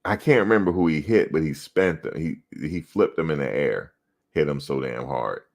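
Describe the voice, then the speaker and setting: A man's voice: very deep voice, moderate pace, creaky, a little mellow. A man, swapping loose, profane football stories in casual sports chat. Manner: loose, profane storytelling with laughter. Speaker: podcast co-host.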